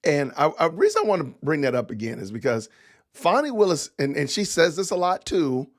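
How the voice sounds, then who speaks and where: A man's voice: a little high, big pitch swings, fairly quick. A middle-aged man hosting a podcast livestream, rambling in casual commentary and talking straight to his chat. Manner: rambling, talks to chat directly. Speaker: podcast host reacting to news clips.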